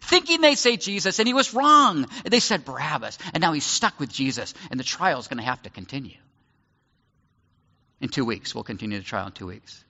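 A man's voice: medium pitch, big pitch swings, normal speed, creaky, pushed and bright. A man, a pastor, giving a conversational sermon that explains Bible passages and acts out their scenes. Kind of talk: sermon, verse-by-verse Bible teaching. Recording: echoey hall, slightly dull sound.

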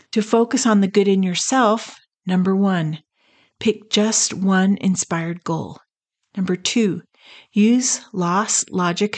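A middle-aged woman hosting a podcast, talking through a scripted, personal reflection in an earnest, measured way. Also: fairly low pitch. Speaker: podcast host.

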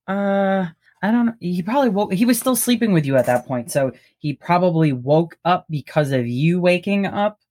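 A woman's voice: lowish voice, lively intonation, normal speed, few pauses, darkish tone. A woman co-hosting a candid conversation, speaking bluntly and directly, with casual swearing. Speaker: podcast co-host.

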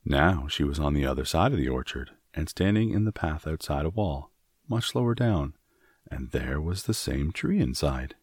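A man narrating a storybook in a measured, expressive reading. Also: a bass voice, husky, no room sound, studio quality. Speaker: audiobook narrator.

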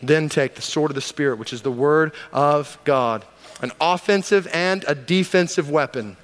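A man delivering a sermon in a slightly high voice, building with emphatic repetition and rhetorical questions. His voice rings out with a long reverb, like a big church hall. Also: moderate pace. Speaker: preacher.

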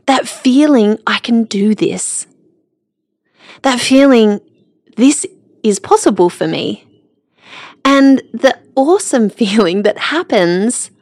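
A woman's voice: medium pitch, dry recording. Woman telling a story, dry sound. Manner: warm, laughs often while telling stories. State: emotional, near tears. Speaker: podcast host. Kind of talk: personal storytelling monologue.

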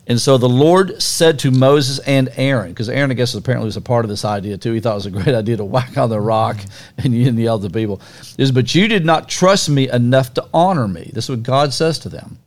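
Animated man telling a Bible story. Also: mid-range voice. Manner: animated storytelling, acts out scenes with sound effects. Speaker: podcast co-host. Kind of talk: casual conversational Bible teaching.

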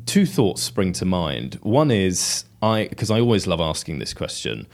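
A man with a very deep voice hosts a relaxed interview. He asks long, thoughtful questions and backs up his guest with quick "yeah"s. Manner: encouraging, frequent short acknowledgments. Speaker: interviewer, podcast host. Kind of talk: casual interview.

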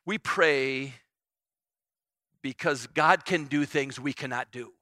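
Bright-toned middle-aged male pastor preaching. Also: medium pitch, takes it slowly, no echo. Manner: earnest, repeats phrases, voice rises and falls with emphasis. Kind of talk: sermon.

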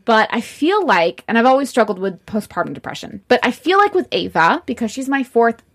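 Candid higher-voiced woman podcast co-host. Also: very animated, fairly quick. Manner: candid, laughing, swears freely. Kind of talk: casual chat over cocktails.

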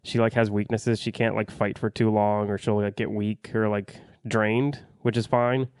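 Blunt, foul-mouthed man with a smooth low voice. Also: level tone, moderate pace, darkish tone, no echo, clean studio sound. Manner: blunt, profane, rambling with fillers. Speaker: movie reviewer. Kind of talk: casual spoken review.

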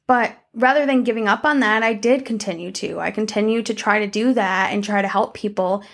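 Candid woman with a gravelly edge. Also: mid-range voice, fairly even intonation, fairly quick, few pauses, fairly bright tone. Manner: candid and conversational, with frequent "like" and "um" and some swearing. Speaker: vlogger. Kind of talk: casual personal life-update monologue.

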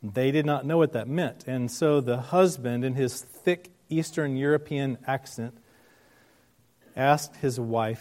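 Male pastor, earnest sermon delivery, mid-pitched, deliberate. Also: darkish tone. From United States. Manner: earnest, slows down for emphasis.

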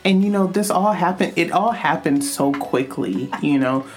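A woman's voice: low-pitched, animated, normal speed, music in the background. A woman hosting a podcast, telling a story in casual chat and laughing often. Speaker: podcast host.

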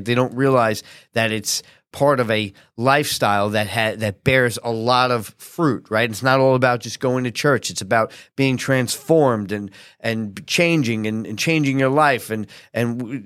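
A man's voice: mid-range voice, dry recording. Conversational male pastor, dry sound. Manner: frequent tag questions to listeners; animated acted-out quotes. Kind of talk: conversational sermon teaching.

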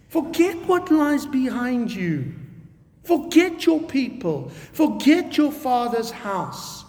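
A man preacher delivering a sermon in an emphatic, animated way, with casual conversational asides. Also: extremely high pitch, takes it slowly. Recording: long reverb of a large hall.

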